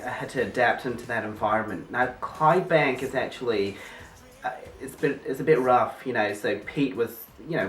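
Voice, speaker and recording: A man's voice: medium pitch, a bit bright. Playful man, mock interview guest, rambling, roomy and off-mic. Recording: roomy and distant.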